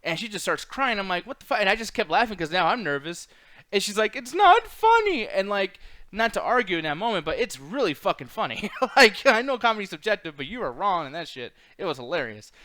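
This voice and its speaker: A man with a bright, fairly high voice, loud and teasing, swearing freely in casual banter. The recording is dry and close. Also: lively intonation, a little fast, no room sound. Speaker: co-host.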